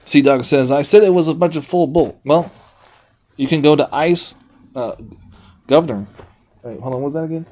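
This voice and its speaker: A man's voice: a little high, moderate pace, pauses often. A man streaming and chatting casually with his viewers, rambling, reading a website aloud and breaking into swearing outbursts. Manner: rambling, reads website aloud, talks to chat; swears freely, animated outbursts. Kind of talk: casual livestream chat.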